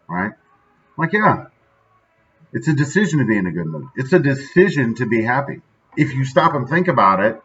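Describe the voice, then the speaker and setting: A man's voice: mid-range voice, fairly bright tone, muffled recording. A man hosting a podcast, telling a personal story in a rambling casual monologue full of asides. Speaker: podcast host.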